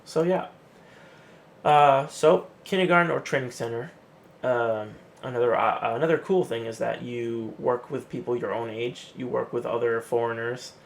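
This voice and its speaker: A man casually talking to the camera in a vlog, lively and chatty, often acting out what other people say. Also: medium pitch, normal speed, creaky. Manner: chatty, acts out quotes in an animated way. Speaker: vlogger.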